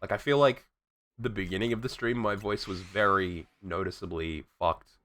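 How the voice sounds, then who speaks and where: A man's voice: fairly low pitch, steady tone, normal speed, a bit bright. A man streaming a game while sick, with a sore throat, chatting in a rambling, profane way. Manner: rambling, profane, self-talking. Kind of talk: casual gameplay chat. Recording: faint music behind.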